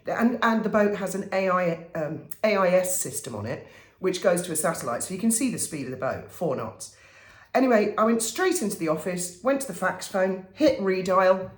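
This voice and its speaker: Lively, exasperated woman vlogger. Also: lowish voice, moderate pace, echoey room. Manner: animated, exasperated, wry. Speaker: vlogger and commentator. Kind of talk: casual storytelling to camera.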